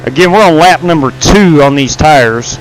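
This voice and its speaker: A man's voice: a little high, animated, normal speed, a little hiss or hum. A man streaming a sim race live, chatting casually and greeting viewers by name as he drives. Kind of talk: live stream commentary while racing.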